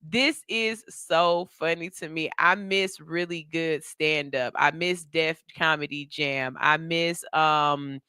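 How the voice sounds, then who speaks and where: Brief: animated male radio host with a bright, crisp voice, dry close sound. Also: fairly high pitch, takes it slowly, hardly any pauses, no echo. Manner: animated, repeats himself for emphasis. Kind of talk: casual commentary on clips.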